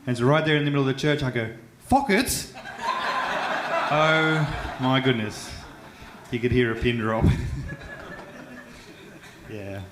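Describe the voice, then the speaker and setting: A man's voice: medium pitch, normal speed, long pauses. Australian man doing stand-up in a roomy club. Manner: chatty, self-mocking, with frequent stumbles and fillers. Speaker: stand-up comedian. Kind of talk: stand-up comedy set. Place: comedy club stage. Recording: roomy club sound with faint background noise.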